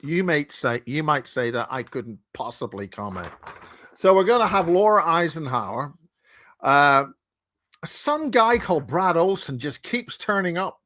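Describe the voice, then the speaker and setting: A man's voice: on the high side, lively intonation, a little slow, bright, forceful tone, dry recording. A man with a Belfast accent, a conference founder chatting as a guest over a video call, rambling and joking. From Northern Ireland. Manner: rambling, joking, self-interrupting. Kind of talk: casual chat. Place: home in Wiltshire.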